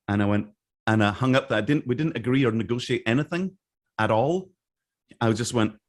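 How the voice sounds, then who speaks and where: A middle-aged man with a slightly low voice recalls his past in a casual interview. He rambles and restarts often, and he slips into other people's voices when he quotes them. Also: fast. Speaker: interview guest, game artist.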